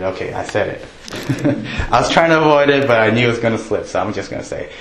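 A man's voice: on the low side, animated, moderate pace, fairly bright tone. Jokey conversational preacher man, roomy. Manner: conversational, jokey, quotes prayers in raised voice. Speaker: pastor. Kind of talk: sermon. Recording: roomy echo.

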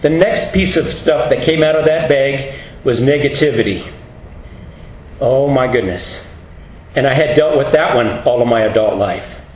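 A man's voice: medium pitch, moderate pace, darkish tone, slight background noise. A middle-aged man preaching a storytelling sermon as a pastor, folksy and earnest, acting out the voices he quotes. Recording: roomy hall with faint ambience.

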